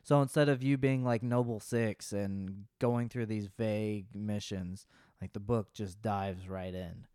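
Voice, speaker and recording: A man's voice: on the low side, fairly even intonation, unhurried, dark tone, clear, resonant tone, dry recording, clean studio sound. Laid-back man in his late twenties. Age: late 20s. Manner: laid-back, rambling, laughs often. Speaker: podcast co-host. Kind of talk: casual chat.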